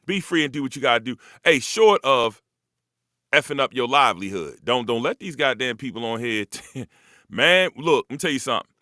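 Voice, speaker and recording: A man's voice: medium pitch, animated, normal speed, sharp tone, dry recording, studio quality. Profane, rambling man hosting a live talk. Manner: loose, profane, rambling, streetwise. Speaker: host. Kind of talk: casual monologue to a live audience.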